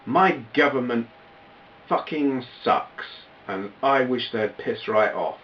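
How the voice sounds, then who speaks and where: A man's voice: medium pitch, lo-fi sound. A man talking casually to camera in his own vlog, rambling and self-deprecating, often restarting his sentences. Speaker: retro gaming YouTuber.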